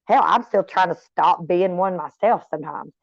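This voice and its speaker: A woman's voice: lowish voice, moderate pace, gravelly, no room sound. A middle-aged woman chatting casually to her viewers, rambling off on tangents and swearing freely. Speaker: vlogger talking to viewers. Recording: slightly dull, dry recording.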